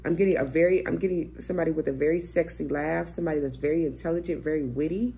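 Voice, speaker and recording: A woman's voice: deep voice, steady tone, fast, vocal fry, dark tone, slight background noise. A young woman doing a casual, chatty tarot reading, swearing freely and thinking aloud as she turns cards. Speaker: tarot reader.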